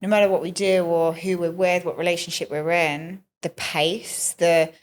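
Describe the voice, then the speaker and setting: Podcast host, woman, lowish voice, thoughtful and reflective interviewer. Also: level tone, moderate pace.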